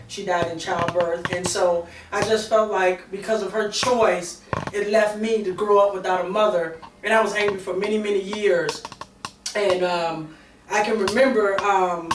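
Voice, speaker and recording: Speaking off-mic in a roomy space, a middle-aged woman on a talk panel tells a heartfelt, confessional story, emotional and candid, with many fillers and restarts. Her voice is medium-pitched, and the distant recording has a noisy background.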